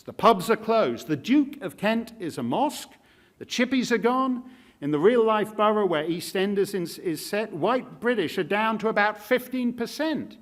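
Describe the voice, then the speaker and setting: A man gives a keynote speech in an auditorium, his pitch sitting a touch high and swinging widely from line to line. His delivery is sardonic and jokey, full of asides. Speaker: keynote speaker. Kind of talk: public speech.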